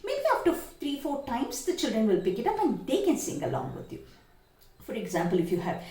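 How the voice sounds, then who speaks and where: Animated teacher woman. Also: sits high, brisk. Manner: expressive, animated, emphatic. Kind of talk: instructional talk. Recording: roomy echo, distant mic.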